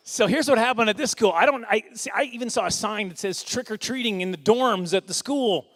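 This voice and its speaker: This middle-aged man has a high, somewhat bright voice. He's performing stand-up at a fundraising dinner, rambling and poking fun at himself, tossing in quick asides and little chuckles.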